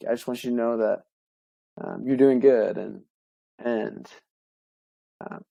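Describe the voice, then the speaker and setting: Young male podcaster, mellow and dry-sounding, rambling earnest storyteller with lots of "like" and "um". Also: mid-range voice, gravelly, no room sound. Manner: halting, many fillers and restarts, heartfelt. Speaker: podcast co-host. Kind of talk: personal story, casual monologue.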